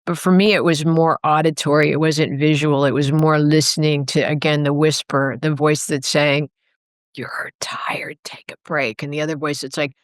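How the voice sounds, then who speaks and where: This middle-aged woman, appearing as a guest author in an interview, speaks fairly quickly with few pauses in a low, flat delivery and a clean tone. She is earnest and reflective, rambling a bit and self-correcting. Her remote call microphone gives studio quality with no room sound.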